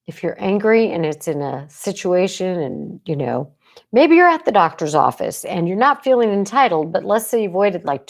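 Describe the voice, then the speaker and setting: A woman's voice: lowish voice, vocal fry. A woman psychologist hosting a podcast, talking casually and intensely, checking in with "right?" and acting out quoted lines of speech. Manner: intense, emphatic, with frequent "right?" check-ins. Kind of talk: casual talk.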